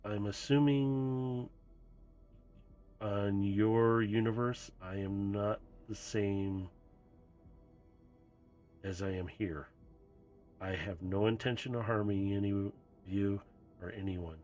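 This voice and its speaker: A man voicing a careful female robot warrior who talks slowly and quietly. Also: on the low side, fairly even intonation, faint music behind. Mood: calm, careful. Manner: slow, measured, quiet.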